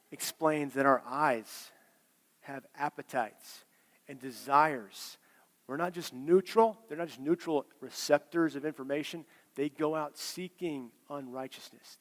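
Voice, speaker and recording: A man pastor delivering an earnest, emphatic sermon and often repeating his words. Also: mid-range voice. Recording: long hall reverb.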